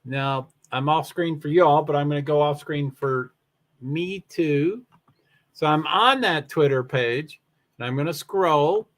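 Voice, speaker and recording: A man's voice: fairly high pitch, measured pace, a bit bright. Tired, yawning man rambling on a livestream. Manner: rambling, self-interrupting with fillers. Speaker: live streamer. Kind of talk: casual solo livestream chat about racing.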